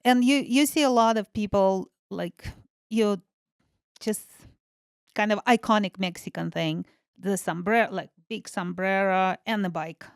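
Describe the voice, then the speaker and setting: A woman in a relaxed interview who pauses to find her words and leans on fillers. She speaks slowly in a smooth, clear voice. The sound is close and dry. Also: medium pitch, no room sound. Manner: searches for words, hesitant with many fillers. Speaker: guest artist. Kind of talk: casual interview chat.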